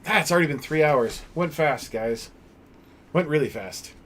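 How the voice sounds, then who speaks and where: A man hosting a home livestream, chatting casually with his viewers in a loose, rambling way with many pauses, and speaking openly about personal struggles. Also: on the high side, animated, a little hiss or hum. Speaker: livestream host. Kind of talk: casual chat with stream viewers.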